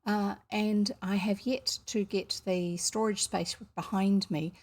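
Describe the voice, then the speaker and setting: Woman with a New Zealand accent, casual and rambling, gravelly and slightly husky voice; at-home desk mic. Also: medium pitch, fairly even intonation, takes it slowly, a little mellow. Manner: rambling, chatty, self-correcting. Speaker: audiobook reader. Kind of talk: casual chat before a reading. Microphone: desk microphone.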